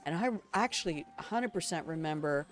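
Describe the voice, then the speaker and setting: A woman's voice: deep voice, expressive, a little fast. Older woman chatting over her gameplay. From Alabama, United States. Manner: chatty, rambling storyteller talking to chat. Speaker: game streamer. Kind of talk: casual let's-play commentary.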